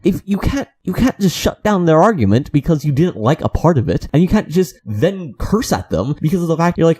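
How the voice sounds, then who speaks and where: Male commentator, unscripted rant, indignant, mellow tone with a swooping delivery. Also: a little high, very animated, a little fast, hardly any pauses, slightly rough. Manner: indignant, exasperated, repeating himself for emphasis. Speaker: anime video commentator.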